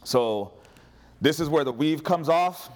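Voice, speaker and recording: A man preaching a sermon as pastor, animated and humorous, calling on the congregation to respond. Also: a little high, takes it slowly.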